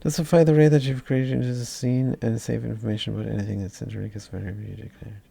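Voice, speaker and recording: A man's voice: medium pitch, little pitch movement, fast, gravelly, mellow, breathy edge. A man streaming live, talking through his code as he works and mumbling his thoughts aloud, often trailing off. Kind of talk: live coding commentary.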